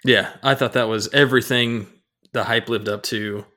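A man's voice: mid-range voice, steady tone, bright, forceful tone. A man co-hosting a casual sports podcast, upbeat and jokey, talking into a podcast microphone. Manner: upbeat, jokey, quick banter. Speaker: podcast co-host.

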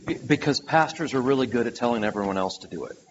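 A man's voice: medium pitch, lively intonation, fast talker. A man on a conference panel giving firm, agreeing commentary. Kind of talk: panel discussion. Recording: dull, echoey hall audio with noise.

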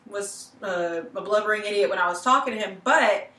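A woman co-hosting a casual chat, telling stories with animated quotes. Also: medium pitch, a little fast. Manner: chatty storyteller, animated when quoting. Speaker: podcast co-host. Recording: roomy echo.

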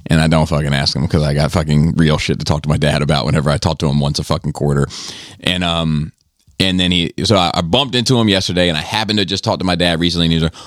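A podcast host with a very low voice tells a long, rambling story, swearing freely as he goes. The recording is dry and close. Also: steady tone, fast talker, hardly any pauses, fairly bright tone, no echo. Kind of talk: casual podcast chat.

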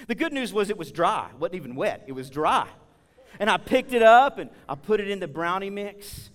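A man preaching a sermon in a church, telling stories in a conversational, animated way with big swings between loud and soft. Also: high voice, normal speed, in a large hall. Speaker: guest preacher. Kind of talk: sermon with storytelling. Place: church sanctuary.

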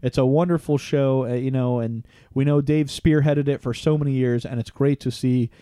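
A man hosting a podcast, telling a lively story in casual chat with lots of fillers. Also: medium pitch, normal speed, clean tone, no echo, studio quality. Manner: animated storytelling with many fillers. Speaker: podcast host.

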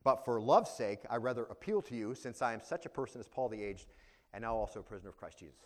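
Animated, conversational male preacher. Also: mid-range voice, fast talker. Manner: conversational, with frequent check-ins to the congregation; animated, swinging between loud emphasis and quiet asides. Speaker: pastor. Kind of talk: expository sermon.

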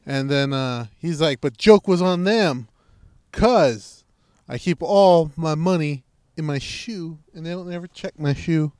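A man's voice: on the high side, unhurried, darkish tone, clear, resonant tone, no room sound, studio quality. A man on a podcast in casual chat, telling a story in a laid-back, loose way, swearing freely and acting out the people he quotes. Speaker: podcast co-host.

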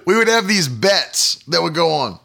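A middle-aged man preaching a sermon, telling a personal story with laughter and animated delivery. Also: on the high side, moderate pace, gravelly.

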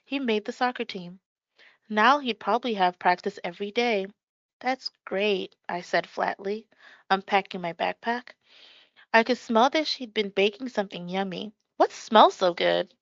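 A woman reading a first-person children's story aloud in a calm, measured storytelling voice. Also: medium pitch, no echo. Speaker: audiobook narrator. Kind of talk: first-person audiobook narration. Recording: dry, slightly muffled.

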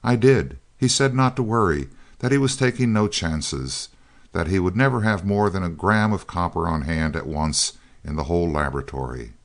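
A man's voice: low voice, normal speed. A man reading the lines of a shaken male chemist, speaking dully in an audiobook. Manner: gasping, dull.

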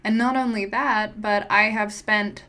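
A woman's voice: mid-range voice, fairly even intonation, unhurried, bright, forceful tone. A woman talking as a spiritual teacher in a casual monologue, earnest and encouraging, her sentences running long and loose.

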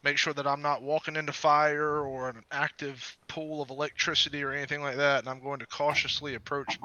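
A man's voice: on the high side, little pitch movement, fairly quick, pushed and bright, no echo, muffled recording. A man playing in a tabletop game, direct and practical. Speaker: player.

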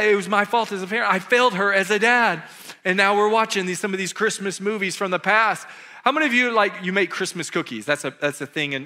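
Bright, animated man preaching. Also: high voice. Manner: animated, swings between hushed and shouted. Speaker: pastor. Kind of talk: storytelling sermon.

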